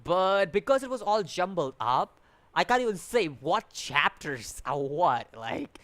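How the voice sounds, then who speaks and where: A man's voice: sits high, sing-song, unhurried, a bit bright, no room sound. A man giving a casual, rambling review, often restarting his sentences and sounding exasperated. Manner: rambling, repeats words, many restarts and fillers; exasperated, complaining. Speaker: anime reviewer.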